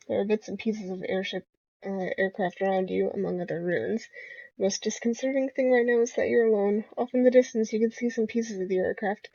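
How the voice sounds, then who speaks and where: A woman's voice: mid-range voice, warm tone, no room sound. A young woman reading a dating game's text aloud, with casual asides. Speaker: game player reading aloud. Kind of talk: let's-play narration. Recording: dull lo-fi home recording.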